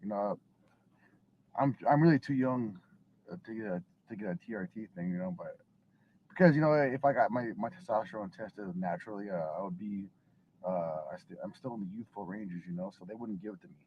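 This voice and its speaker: A man in his thirties talking casually, rambling and clearing his throat. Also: lowish voice, fairly quick, dull audio, a little hiss or hum. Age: 30s.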